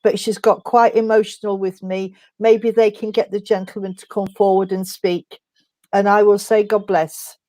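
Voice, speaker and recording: A middle-aged woman working as a spiritualist medium, giving a gentle, halting reading full of restarts and tender words. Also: mid-range voice, level tone, dry recording. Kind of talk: mediumship reading in an online service.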